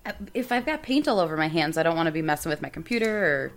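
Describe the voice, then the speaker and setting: A woman chatting casually on a podcast, easygoing and quick to laugh. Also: deep voice, expressive. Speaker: podcast regular.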